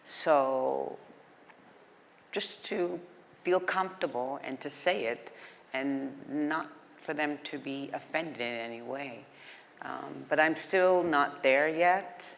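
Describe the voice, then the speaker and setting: A workshop participant answering in a hesitant, halting way with many pauses and fillers. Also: medium pitch, creaky, fairly bright tone. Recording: echoey hall with faint noise.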